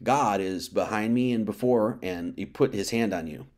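A man's voice: fairly low pitch, normal speed, a little mellow. Conversational man preaching a sermon. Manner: conversational, acts out quotes, many restarts. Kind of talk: informal sermon with scripture reading.

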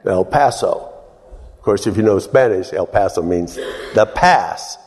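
Man preaching slow and folksy, laughs along, lots of hall echo around him. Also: fairly low pitch, animated. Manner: folksy storytelling, chuckles, rises to loud exclaims. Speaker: pastor. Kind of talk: sermon. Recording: long hall reverb.

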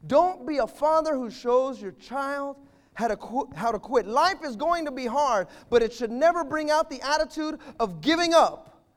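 High-voiced, animated male preacher. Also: normal speed. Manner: emphatic, animated preaching with sudden volume swings. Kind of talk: sermon.

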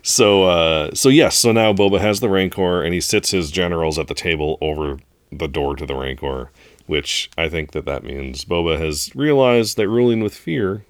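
Deep-voiced man in a casual chat. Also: normal speed. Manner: relaxed, laughs often, recaps plot. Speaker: podcast co-host. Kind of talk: casual chat recapping a show.

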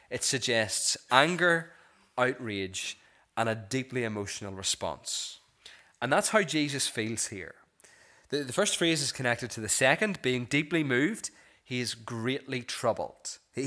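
A male pastor preaching a sermon in an earnest way, slowing and softening on key phrases and often restarting with repeated words. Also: medium pitch.

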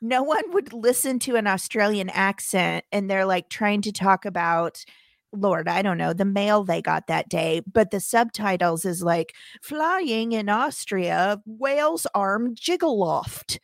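A woman's voice: medium pitch, moderate pace, vocal fry, dry recording, clean studio sound. A woman co-hosting a casual podcast chat, ranting with frequent giggles. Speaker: podcast co-host.

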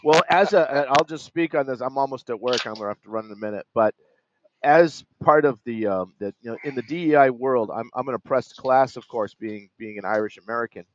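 Man, deadpan mock-serious joking, casual banter, dull muffled sound. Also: mid-range voice, brisk, a little hiss or hum. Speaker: podcast co-host. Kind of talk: casual comedic chat.

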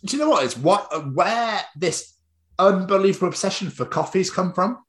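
A British man in relaxed podcast banter, whose bright, ringing voice swings widely up and down as he jokes. He swears freely and slips into quick mock voices to act out little scenes. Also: sits high. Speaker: podcast host. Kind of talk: casual banter.

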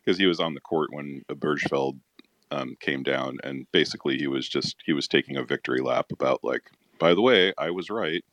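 A man's voice: a bass voice, steady tone, brisk, fairly bright tone, no room sound. A man co-hosting a podcast, explaining things plainly in casual chat. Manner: matter-of-fact, explains plainly. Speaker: podcast co-host.

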